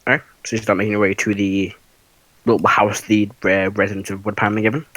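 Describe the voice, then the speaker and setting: A man's voice: lowish voice, level tone, quick pace, fairly bright tone, dry recording, rough recording. A man narrating as game master for a tabletop game, casual and hesitant with many fillers. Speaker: dungeon master.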